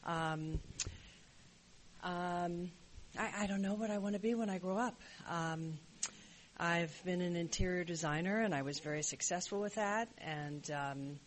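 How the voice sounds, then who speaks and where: A woman's voice: on the low side, unhurried, a little hiss or hum. A woman sharing at a recovery meeting, nervous, candid and rambling as she questions herself. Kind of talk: personal share at a support meeting.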